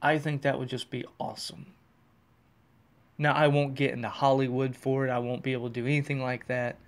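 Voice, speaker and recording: A man hosting his own casual podcast, rambling and self-deprecating, talking with excitable energy, recorded while in his car. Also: medium pitch, fairly quick. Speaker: podcast host. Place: in a car on the road.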